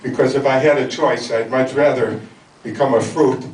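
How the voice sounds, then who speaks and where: Older guy from the chicago area doing standup, dry self-roasting jokes, sounds far off in a boomy noisy club. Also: fairly even intonation, moderate pace, a little mellow. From Chicago area, USA. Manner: dry self-mocking punchlines. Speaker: stand-up comedian. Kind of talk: stand-up routine. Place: comedy club. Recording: echoey, distant, noisy club recording.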